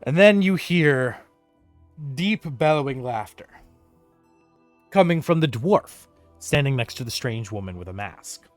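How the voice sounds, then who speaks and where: A young man narrating as game master, animated and chatty with fillers, on a close mic. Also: medium pitch, a little slow, long pauses, no echo, soft background music.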